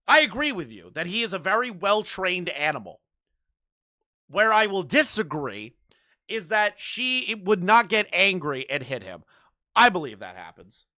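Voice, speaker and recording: Bright-voiced sarcastic male commentator. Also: sits high, no echo, clean studio sound. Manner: sarcastic, swings from loud to mumbling asides. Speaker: commentary channel host. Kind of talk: reaction commentary.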